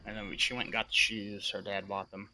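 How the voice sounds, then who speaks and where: A man's voice: fairly low pitch, flat delivery, fairly quick, background noise. A young man streaming a game and chatting casually, telling a long story in an emphatic, profane way. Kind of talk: casual rambling chat.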